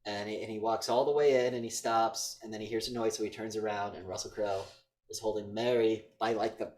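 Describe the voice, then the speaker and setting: A man's voice: lowish voice, a little fast. A man co-hosting a podcast, casually recapping a film's plot with lots of swearing and acted-out lines. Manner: animated retelling with acted-out quotes, frequent swearing. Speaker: podcast co-host. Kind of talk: casual movie review chat.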